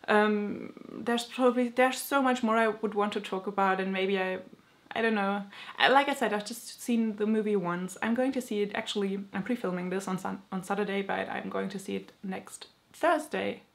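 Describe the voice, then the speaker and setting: A young woman vlogger in casual chat, rambling excitedly and using many filler words. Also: medium pitch, moderate pace, vocal fry, hardly any pauses. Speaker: book vlogger.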